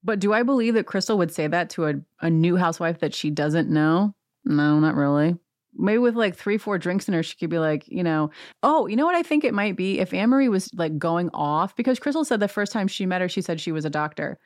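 A woman hosting a reality TV recap, talking in a sarcastic, animated rant. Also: fairly low pitch, fairly quick, no echo, studio quality. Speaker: podcast host.

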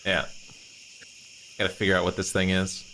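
A man playing in a tabletop game, gruff and scheming in his banter. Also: low-pitched, completely flat delivery, normal speed, rough recording. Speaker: player. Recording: loud background hiss.

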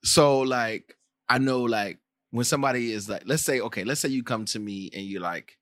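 A man's voice: mid-range voice, moderate pace, fairly bright tone, no echo. An American man co-hosting a casual podcast, telling rambling stories full of fillers and restarts. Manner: rambling storyteller with many fillers. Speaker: podcast co-host. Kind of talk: casual chat.

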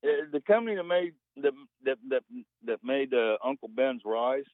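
A man's voice: mid-range voice, animated, normal speed, no room sound. A man calling in to a talk radio show, rambling and wry. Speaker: caller. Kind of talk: phone-in chat. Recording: tinny phone line.

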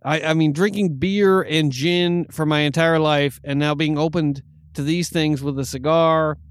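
A man's voice: on the high side, steady tone, unhurried, clean tone. A man co-hosting a podcast, chatting enthusiastically and rambling with restarts while tasting drinks. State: hiccuping. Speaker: podcast co-host. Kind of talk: casual chat.

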